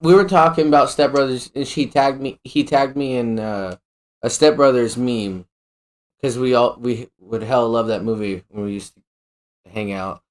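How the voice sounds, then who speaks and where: Profane podcast co-host, mid-pitched man. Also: moderate pace. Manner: loose, profane storytelling. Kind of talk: casual chat.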